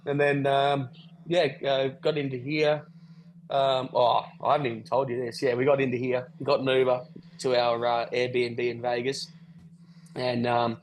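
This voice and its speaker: A man's voice: medium pitch, level tone, moderate pace, a little hiss or hum, rough recording. A man telling a rambling travel story on a podcast call, swearing casually. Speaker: podcast guest. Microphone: video call.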